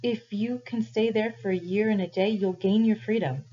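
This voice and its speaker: A woman voicing a gentle, weary old village priest who speaks softly and carefully in a read-aloud story, her voice husky. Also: steady tone, normal speed, faint music behind, close to an everyday voice. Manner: soft, low and careful. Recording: dull lo-fi recording.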